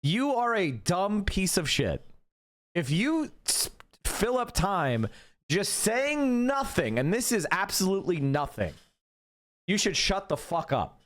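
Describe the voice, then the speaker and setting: A man's voice: high voice, big pitch swings, slow, a bit bright. Swearing, exasperated male streamer. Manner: exasperated, sarcastic, swears a lot. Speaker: streamer reacting to a debate video. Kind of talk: profane reaction commentary.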